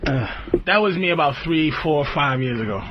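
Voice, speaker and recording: Animated profane male radio host. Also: moderate pace, background noise. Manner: animated, swings into high squeaky outbursts, laughs often. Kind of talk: profane comic radio rant. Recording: dull lo-fi radio broadcast.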